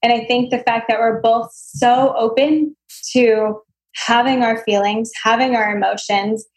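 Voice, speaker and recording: A woman's voice: a little high, fairly even intonation, measured pace, rough recording. A young adult woman speaking as an interview guest, earnest and reflective, with a lot of emotional self-help wording. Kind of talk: casual interview chat.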